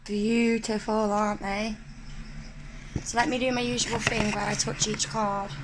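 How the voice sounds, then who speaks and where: At home in a room beside a main road, a woman vlogs while unboxing an oracle deck, chatting warmly and breathily to her viewers in a gushing way. Her voice is medium-pitched with a flat delivery and a measured pace, and loud background noise fills the recording.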